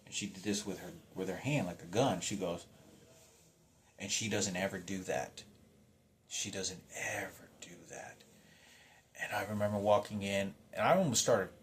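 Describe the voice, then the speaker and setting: A man's voice: deep voice, a little hiss or hum. Agitated, profane man telling a story. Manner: agitated, rambling, heavy swearing; halting restarts, emotional. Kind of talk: personal storytelling monologue.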